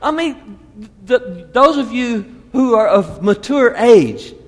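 A man in his fifties preaching a sermon, sweeping from loud emphasis to hushed asides. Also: extremely high pitch, animated, takes it slowly, long reverb tail. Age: 50s. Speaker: pastor.

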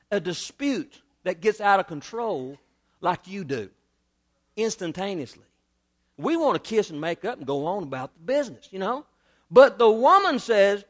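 A male pastor with a drawl preaches with lively energy, repeating phrases and swinging from hushed asides to loud emphasis. His voice sits high for a man. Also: a little slow. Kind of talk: sermon.

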